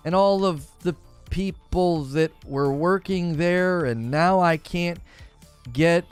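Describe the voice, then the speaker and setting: A man's voice: fairly high pitch, takes it slowly, clean tone, soft background music. A man hosting a talk show, giving argumentative and sarcastic commentary and laughing at his own points. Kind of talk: opinionated commentary.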